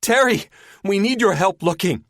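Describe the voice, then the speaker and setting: A man voicing a grown woman who gives firm orders in a crisis and explains things gently, in an audiobook reading. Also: mid-range voice, lively intonation, brisk, no echo, studio quality, pitched above the performer's own voice. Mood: urgent calling.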